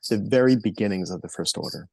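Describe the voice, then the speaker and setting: A man's voice: lowish voice, fast, gravelly, a little mellow, breathy edge, no room sound. A man talking as a podcast guest, hesitant, with many ums and restarts. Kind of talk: casual chat.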